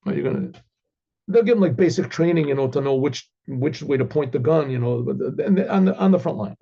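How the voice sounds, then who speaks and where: A rabbi telling a religious story in a rambling way, with many restarts and throat-clearing, on a dull lo-fi recording. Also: male voice, on the high side, expressive, fast.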